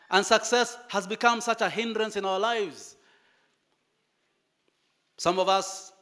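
A man preaching a sermon, telling a story with dramatic pauses and lively emphasis. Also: sits high.

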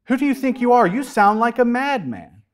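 A scornful crowd of ancient religious men, as a preacher puts them on, pitched high above his usual speaking voice and pushing loud. They jeer in disbelief, their voices climbing toward shouts, with a storybook-retelling feel. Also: lively intonation, moderate pace. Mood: indignant. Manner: incredulous, mocking, rising to shouts.

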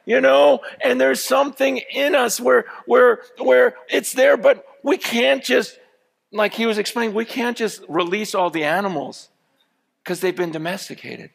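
A man preaching a sermon, telling a story with lively energy that rises to shouts. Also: extremely high pitch, measured pace, creaky, husky. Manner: storytelling, animated, rising to shouts. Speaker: pastor.

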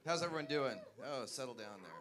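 A young Canadian man doing a rambling, self-deprecating stand-up set on a comedy club stage, with bursts of shouted punchlines. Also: mid-range voice, lively intonation, fast talker, a crowd in the background. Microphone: handheld mic on a stand.

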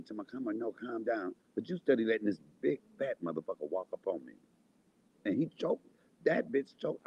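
A man in a heated, profane vlog rant, insulting people, swinging between loud outbursts and quiet asides, with a husky voice. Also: lowish voice, dull audio. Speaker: vlogger. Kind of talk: angry profane rant to camera.

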